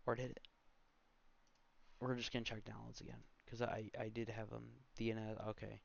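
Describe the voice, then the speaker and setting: In a slightly dull, dry home recording, a twenty-something tutorial host walks through his screen in a rambling, casual way, full of fillers and asides. He speaks at normal speed in a lowish voice with little pitch movement and some vocal fry.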